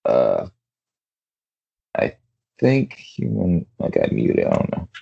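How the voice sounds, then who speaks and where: A man's voice: extremely low pitch, huge pitch swings, takes it slowly, gravelly, husky, dull audio. A man hosting a podcast in casual chat, rambling with lots of fillers and restarts over an online call. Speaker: podcast host.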